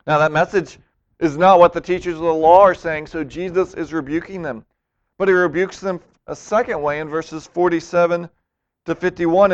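A man preaching a sermon as a pastor, earnest, acting out the voices he quotes. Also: on the high side. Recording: dull lo-fi recording.

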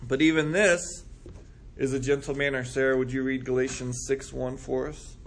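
A man's voice: medium pitch, flat delivery, normal speed. A man leading a group Bible study, talking conversationally and acting out what people might say. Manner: conversational, acts out quoted remarks. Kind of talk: casual Bible study teaching.

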